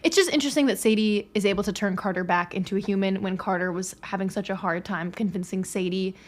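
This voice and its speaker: A woman's voice: mid-range voice, fast. A woman in her late twenties co-hosting a book podcast, bubbly and giggly as she retells scenes. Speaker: podcast co-host. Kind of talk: casual podcast chat about a book.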